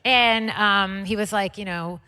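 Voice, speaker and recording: A woman guest telling stories in a chatty, excitable way with lots of fillers, speaking onstage at a live conversation event. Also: mid-range voice, unhurried, clean tone. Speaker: interview guest, singer. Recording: long hall reverb.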